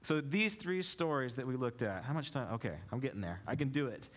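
Speaking a little fast in an expressive mid-range voice, a male pastor preaches in church. He reads passages of scripture and explains them by posing rhetorical questions to the congregation.

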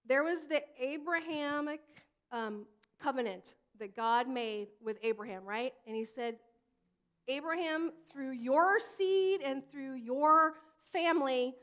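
A woman in her thirties preaching a sermon as pastor, in a conversational, animated way that slips into acted quotes. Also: high-pitched.

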